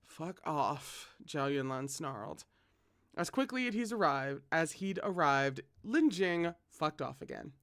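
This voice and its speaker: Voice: medium pitch, lively intonation, unhurried, a bit bright, no echo, clean studio sound. A fan reader reading a novel aloud, with chatty asides to viewers. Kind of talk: casual read-aloud of a novel.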